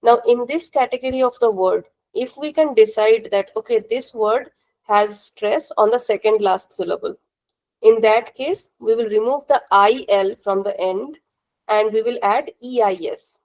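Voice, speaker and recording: A woman's voice: on the high side, normal speed, a little mellow, poor audio. A woman teacher, patiently explaining grammar rules during a live online class, repeating points and checking that students follow. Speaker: language teacher.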